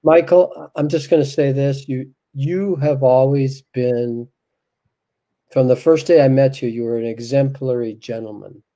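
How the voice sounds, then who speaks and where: A man as an interview guest, telling a heartfelt personal story in a soft, reflective, unhurried way. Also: mid-range voice, fairly even intonation, low-quality recording.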